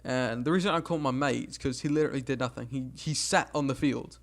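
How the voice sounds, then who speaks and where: Young guy on a chill stream, gravelly voice, animated story telling, does little voices for people. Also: medium pitch, fast. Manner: animated, acts out quotes, laughs at himself. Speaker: game streamer. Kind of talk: casual storytelling on a livestream.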